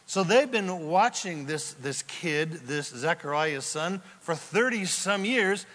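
A man preaching a sermon as a pastor, telling the story in a lively, joking way and acting out the quotes. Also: on the high side, takes it slowly. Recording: long hall reverb from a large room.

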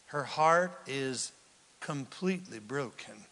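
A male pastor preaching a sermon, swinging from loud outbursts to near whispers. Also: medium pitch, animated, slow. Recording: long hall reverb.

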